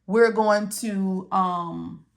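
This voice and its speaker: A woman's voice: mid-range voice, steady tone, extremely slow, gravelly. A woman teaching medical coding step by step, repeating key words and asking and answering her own questions. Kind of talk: step-by-step tutorial walkthrough.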